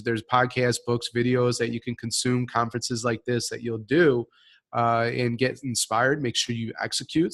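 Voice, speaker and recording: A man of middle pitch speaks with upbeat, motivational energy. He lays out advice in numbered points during a live Q&A. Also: fairly bright tone. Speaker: cohost, mastermind leader. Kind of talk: live Q&A conversation.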